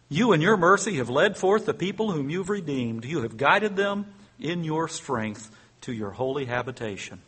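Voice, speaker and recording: A man preaching a sermon, reading scripture aloud and dramatizing it with rising excitement, chuckling often and adding conversational asides. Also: medium pitch, normal speed, slightly rough. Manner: conversational, asides with fillers and self-corrections. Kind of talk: sermon, Bible teaching.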